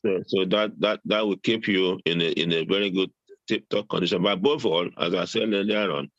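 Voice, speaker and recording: A man's voice: low-pitched, steady tone, a little fast, fairly bright tone, no room sound, highs cut off. An older man chatting as a guest, repeating words often and chuckling jovially about supplements. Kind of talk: casual interview talk.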